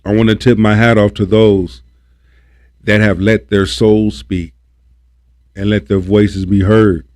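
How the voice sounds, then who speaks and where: Preachy, emphatic man with a low voice. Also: level tone, a little slow, long pauses, darkish tone. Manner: swears when angry. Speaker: livestream host. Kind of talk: political livestream rant.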